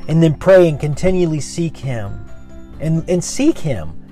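A man giving an informal devotional message, earnest and repetitive, often dropping to a soft, low voice. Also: animated, unhurried, soft background music. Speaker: preacher.

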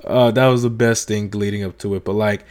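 A young man giving a casual, slangy spoken book review, acting out quoted lines in raised, animated voices. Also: lowish voice, fairly quick. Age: young adult.

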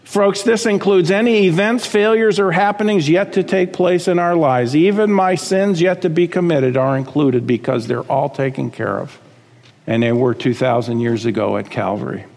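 A male pastor delivers an emphatic sermon in a somewhat high voice, firing off rhetorical questions. His words ring out with a long reverb from a large church sanctuary. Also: moderate pace, gravelly, a little mellow.

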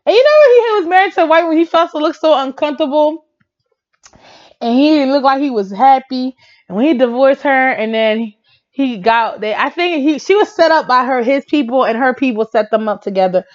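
A woman chatting casually about pop music and celebrity gossip, excitable, laughing often and breaking into song. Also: high voice, brisk, muffled recording. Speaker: pop culture vlogger.

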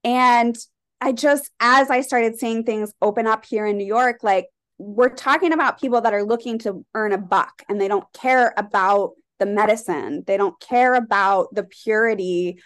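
Chatty woman, somewhat high voice. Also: moderate pace, a bit bright. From Colorado. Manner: rambling, heavy use of "like", candid. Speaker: guest, shop owner and leather artist. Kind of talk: casual conversational interview.

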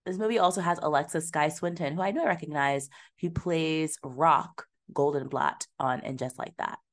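Woman podcast co-host, low voice, loose and profane movie chat. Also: moderate pace. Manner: chatty, swears freely, slips into mocking impressions. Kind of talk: casual movie-review chat.

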